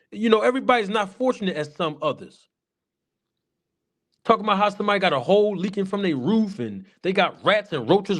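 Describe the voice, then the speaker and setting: High-voiced man doing chatty stream commentary. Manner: chatty, repetitive, addresses chat viewers. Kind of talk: casual livestream commentary.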